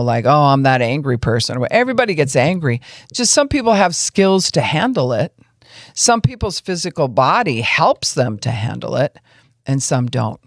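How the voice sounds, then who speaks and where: Woman pastor-host, casual folksy teaching, lively, acts out examples; close, dry podcast mic. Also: sits low, no echo. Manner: folksy, animated, acts out what she describes.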